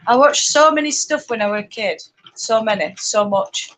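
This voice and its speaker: A woman's voice: a little high, animated, normal speed, a bit bright, rough recording. A woman with a Yorkshire accent hosting a casual live stream, chatting and rambling while answering viewers, laughing often. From northern England. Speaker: spinning vlogger hosting a live chat.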